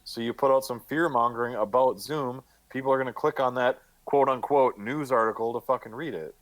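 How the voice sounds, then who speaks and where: A man in easy, casual group chat, blunt and quick to dismiss worries. His voice sits in the middle range. The sound is dry and close. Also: mid-range voice, dry recording, low-quality recording. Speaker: tabletop game player. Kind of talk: casual chat among friends.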